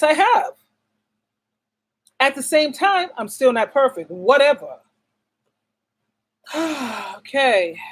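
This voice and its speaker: On the high side and captured with poor audio, this woman's voice belongs to a middle-aged host of a relationship advice channel. Her to-camera advice monologue is casual and blunt; she stresses points by repeating words, and she emphatically raises rhetorical questions only to answer them herself.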